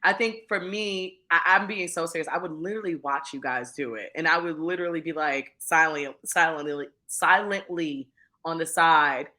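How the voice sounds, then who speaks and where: A woman's voice: sits low, normal speed, bright, forceful tone. A woman TV producer, a guest chatting casually and heartfelt with a friend in an interview. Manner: effusive, heartfelt, calls friend "girl".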